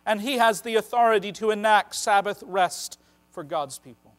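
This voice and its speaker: A man preaching a sermon, earnest and emphatic, slowing down to stress key phrases. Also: high-pitched.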